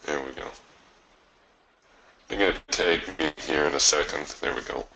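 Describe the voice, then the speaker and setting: A man's voice: rumbling low, normal speed, vocal fry, bright, forceful tone, a little hiss or hum, low-quality recording. A man coaching live trading, talking through his trades in a folksy way with chuckling asides.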